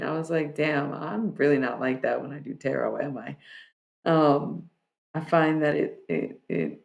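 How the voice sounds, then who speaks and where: A woman streamer chats easily with her viewers in a low, gravelly voice. She takes her time, drifting between thoughts with plenty of fillers and restarts. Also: darkish tone. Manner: rambling and laid-back, many fillers and restarts. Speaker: livestreamer. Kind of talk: casual chat with viewers.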